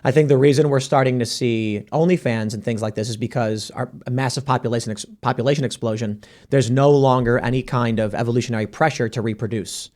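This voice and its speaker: A man hosting a podcast, talking in a casual, argumentative panel debate. His voice sits at a middle pitch and comes in quick bursts as he presses his points. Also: steady tone, a little mellow. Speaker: podcast host.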